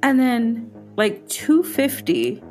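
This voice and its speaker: A woman podcast host telling a personal spooky story in casual chat, her voice jumping high when she quotes herself. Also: takes it slowly, darkish tone, soft background music.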